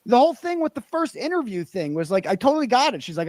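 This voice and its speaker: A man's voice: very animated, fast, hardly any pauses, darkish tone, no room sound. A man in a played clip, ranting angrily and profanely about money, fired up and worked up. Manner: fired-up, profane, swinging pitch. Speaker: commentator in a played livestream clip. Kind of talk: angry rant.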